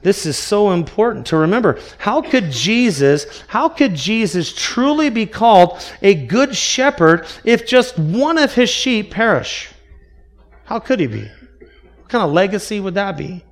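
A man preaching a sermon as pastor, earnest and full of rhetorical questions. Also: sits high.

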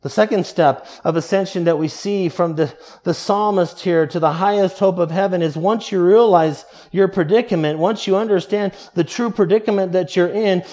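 A male preacher with a notably high voice delivers an earnest sermon. He sinks low and soft to press a point, then stretches quoted prayers out slowly and deliberately.

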